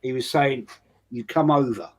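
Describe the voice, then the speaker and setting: A man's voice: mid-range voice, moderate pace, darkish tone. A middle-aged man co-hosting a football stream, reminiscing about the old days of the terraces and acting out what players and fans said. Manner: reminiscing fan stories, acting out quotes. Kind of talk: casual football chat.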